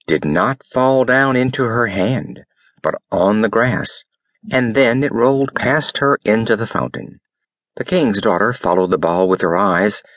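Low-voiced man narrating a fairy tale. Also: no room sound, clean studio sound. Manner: expressive storytelling. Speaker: audiobook narrator.

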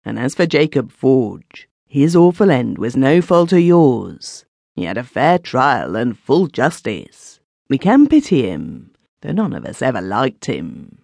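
A man's voice: mid-range voice, big pitch swings, unhurried, gravelly, a little mellow, no room sound, heavily acted. A man voicing Migsworth, a pompous, lecturing widower. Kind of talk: audiobook character voice.

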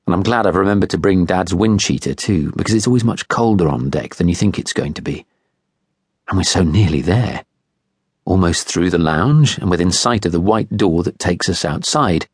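A man narrates a literary novel in the first person, measured and wry. His voice is deep and a little husky. The recording is close and completely dry. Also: dry recording. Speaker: audiobook narrator. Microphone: close studio microphone.

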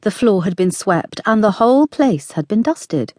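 A woman narrating a novel as an audiobook in an expressive storytelling manner. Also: medium pitch, moderate pace, no room sound.

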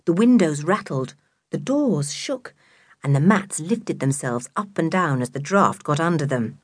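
Expressive woman reading a children's book. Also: sits low, a little slow, husky, no room sound. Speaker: audiobook narrator. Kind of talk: scripted narration of a children's book.

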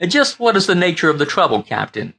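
A man's voice: fairly high pitch, huge pitch swings, brisk, vocal fry, bright, forceful tone, breathy edge, pitched above the performer's own voice, exaggerated voice. A man voicing an eager young station attendant in an audiobook, stubborn and insistent about the rules.

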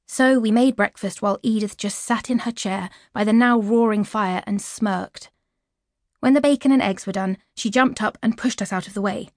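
Woman, audiobook narrator, middle pitch, dry close studio sound, lively storytelling. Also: moderate pace, no echo. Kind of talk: scripted children's audiobook narration.

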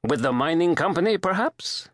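A man's voice: on the high side, lively intonation, normal speed, a bit bright, voice pushed up. A male narrator voicing a watchful, polite hotel clerk in an audiobook, speaking deferentially and addressing the guest as sir. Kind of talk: audiobook character voice.

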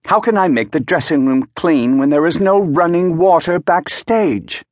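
Male narrator playing a sulky, grumbling manservant, pitched well above his own voice. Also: moderate pace, dry recording, natural voice. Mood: glum. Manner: complaining, gloomy. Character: glum, grumbling male valet.

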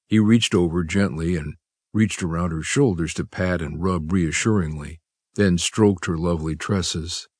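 A man narrating an audiobook in a measured, even storytelling manner on a studio microphone. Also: sits low, no echo. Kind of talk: scripted narration.

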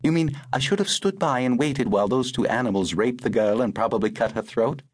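A man's voice: medium pitch, brisk, husky, no room sound, voice pushed up, natural voice. A man reading the lines of a poised, wry older upper-class woman in an audiobook.

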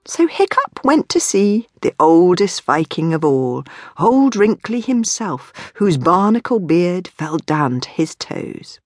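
Woman, storybook narration, hugely animated and slow, husky, dry close sound, faint music. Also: fairly low pitch, no echo. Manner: animated, playful, with whispered asides. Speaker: author reading her own book.

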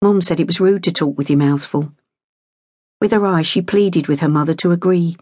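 A woman reading a novel aloud in a steady, measured way. Her voice sits on the low side, and the recording is very dry and close. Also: no echo. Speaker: audiobook narrator. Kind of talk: scripted narration.

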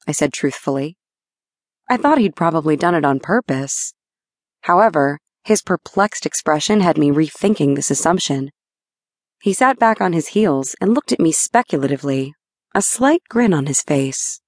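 A woman reading a first-person novel with measured, wry delivery. Her voice sits on the low side of the range. The recording is close and completely dry, with no room sound. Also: expressive, a little mellow, dry recording. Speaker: audiobook narrator. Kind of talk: first-person audiobook narration. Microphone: close studio mic.

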